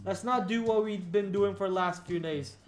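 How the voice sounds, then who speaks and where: A man's voice: sits high, normal speed, soft background music. A man hosting a livestream, chatting casually with viewers in a hyped, playful way. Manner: hyped, playful, talking to chat. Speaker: livestream host.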